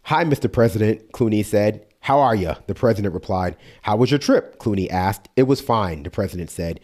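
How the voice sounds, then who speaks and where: A man's voice: fairly low pitch, animated, brisk, darkish tone. Man reading aloud with sarcastic asides. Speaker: streamer reading an article aloud. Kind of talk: casual live-stream reading with commentary.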